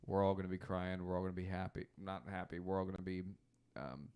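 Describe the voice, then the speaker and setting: A young man co-hosting a podcast in a casual, excitable, jokey chat. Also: low voice, fast talker, clean tone. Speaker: podcast co-host.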